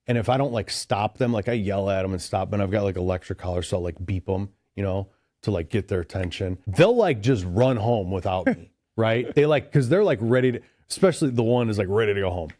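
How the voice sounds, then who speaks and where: A man's voice: on the low side, animated, fairly quick, few pauses, darkish tone, dry recording, studio quality. A man from Chicago, a podcast guest, telling a long story in a loose, rambling way, full of "like" and "dude". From Chicago, USA. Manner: rambling, heavy use of "like" and "dude". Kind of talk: casual storytelling.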